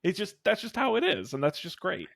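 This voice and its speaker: Animated playful male podcast host. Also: sits high, fairly quick, creaky, dry recording, clean studio sound. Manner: playful, animated, does silly sound effects. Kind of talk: casual podcast chat.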